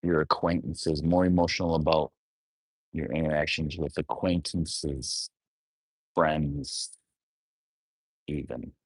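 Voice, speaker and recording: Slow, very deep-voiced musing man. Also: steady tone, breathy edge, no echo. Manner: musing, often rephrasing and trailing off mid-thought; asks the listener reflective questions. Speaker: astrologer. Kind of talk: unscripted solo monologue.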